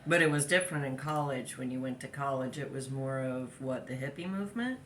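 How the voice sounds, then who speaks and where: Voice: medium pitch, brisk, fairly bright tone, slight background noise. An interviewer in a casual family interview who asks curious, prompting questions.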